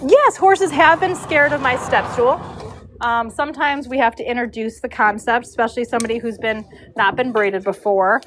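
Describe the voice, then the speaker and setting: A woman in her forties with a high voice chats casually on a livestream as she braids horses. She reads out viewer comments and talks baby talk to her dog. Faint noise sits in the background. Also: normal speed, a bit bright. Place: horse show barn stall.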